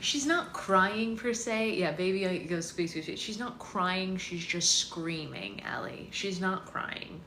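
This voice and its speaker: A woman's voice: on the low side, expressive, unhurried, hardly any pauses, sharp tone. Mom doing a chatty live read-along at home, laughs a lot, talks to her baby, room sounds echoey. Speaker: livestream read-along host and mother. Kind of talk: casual livestream chat while minding a baby. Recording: roomy with noisy background.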